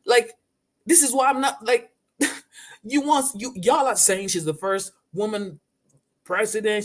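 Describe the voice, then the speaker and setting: Reaction streamer, casual rant, slangy, repetitive, mid pitch. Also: a little slow. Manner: loose slang, restless, repeats himself.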